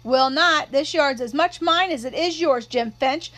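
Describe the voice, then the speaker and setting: A woman voicing a feisty, outspoken young tomboy girl in a high, indignant voice, as part of a storybook reading. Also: a little slow, fairly bright tone. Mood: defiant.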